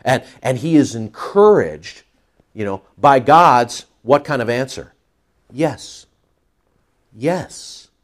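A man preaching a sermon, lively and emphatic, asking the listeners rhetorical questions. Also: fairly high pitch. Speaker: pastor.

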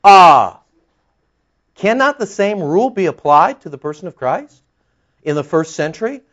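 A man's voice: high-pitched, very animated, normal speed, fairly bright tone, highs cut off. A man preaching an expository Bible-teaching sermon, emphatic and fond of rhetorical questions and pointed retorts.

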